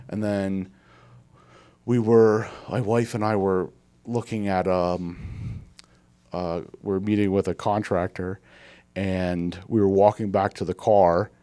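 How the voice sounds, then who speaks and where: A man's voice: lowish voice, clear, resonant tone. A man hosting a casual podcast chat, telling rambling anecdotes and acting out quoted people. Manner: rambling storyteller, animated quoting. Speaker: podcast host.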